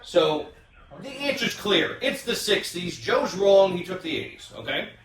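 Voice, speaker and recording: A man tells stories in a loose, animated way, stopping to restart and filling gaps with ums. He sits some distance from the mic in a room that echoes. He hosts a casual round-table chat. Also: high-pitched, measured pace. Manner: animated storyteller with many restarts and fillers. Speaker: podcast host.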